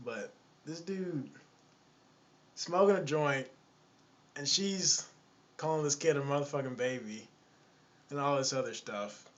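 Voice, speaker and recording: A man's voice: medium pitch, unhurried, pauses often. Exasperated man telling a casual story. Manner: exasperated, repetitive, chatty. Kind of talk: casual anecdote.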